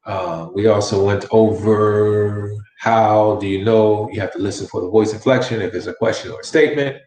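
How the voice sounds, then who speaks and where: A man's voice: lowish voice, normal speed, a little mellow, roomy sound. A man teaching a casual Spanish lesson, repeating phrases and modeling question inflection with encouragement. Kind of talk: casual online language lesson.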